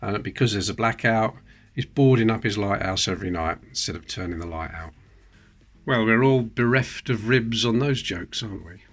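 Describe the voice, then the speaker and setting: A man's voice: lowish voice, normal speed, fairly bright tone, faint music behind. A man hosting his hobby channel, leafing through an old magazine in casual commentary with chatty, wry asides. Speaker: coin-collecting channel host. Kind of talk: casual show-and-tell commentary.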